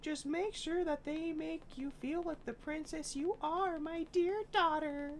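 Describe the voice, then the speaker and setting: A soft, fatherly storybook dad speaks gently and earnestly to his daughter, as a man reading aloud puts him on. His voice sits well above the reader's own. A faint hiss of noise lies under it. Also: extremely high pitch, fairly even intonation, unhurried, pitched above the performer's own voice. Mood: tender. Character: tender loving father advising his daughter.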